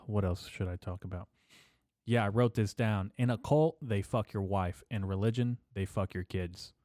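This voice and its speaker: Low-voiced man, rambling and profane. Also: normal speed, warm tone, no room sound, clean studio sound. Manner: profane, loose and jokey, lots of fillers. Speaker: podcast host. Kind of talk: rambling comic monologue.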